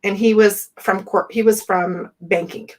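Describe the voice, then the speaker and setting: A woman's voice: medium pitch, steady tone, measured pace, poor audio. A woman business coach talking bluntly and with lots of energy in a podcast conversation, laughing often. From West Indian family.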